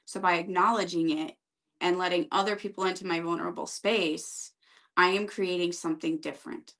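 A woman guest on a podcast, speaking in an earnest, steady, reflective way. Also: fairly low pitch, a little fast. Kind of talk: casual interview chat.

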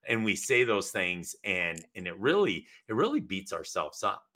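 A man hosting a podcast interview, talking in an animated, casual way with frequent restarts. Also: deep voice, moderate pace. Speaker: podcast host.

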